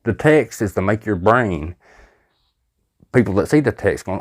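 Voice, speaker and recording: A man's voice: on the low side, expressive, a little slow, long pauses. A man hosting a reaction video, giving angry, sarcastic commentary. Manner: exasperated, sarcastic.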